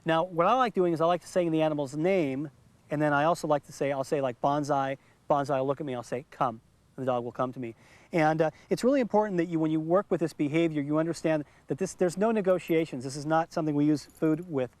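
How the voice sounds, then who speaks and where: A middle-aged man with a slightly high voice teaches in a patient, explanatory way. He leans on repeated words to stress his points. It is a calm instructional demonstration recorded outdoors. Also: quick pace, no echo. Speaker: dog trainer.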